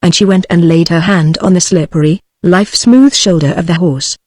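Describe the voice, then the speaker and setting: A text-to-speech woman's voice with a British English accent narrates a novel in an even, measured way. The synthetic audiobook voice is fairly low-pitched, with no echo.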